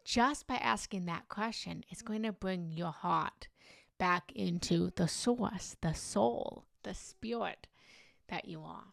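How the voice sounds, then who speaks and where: A woman's voice: mid-range voice, lively intonation, slow, vocal fry, fairly bright tone, dry recording, clean studio sound. A young woman hosting a live stream as a meditation teacher, gushing and effusive, repeating her greetings over and over. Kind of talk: live-stream chat and talk.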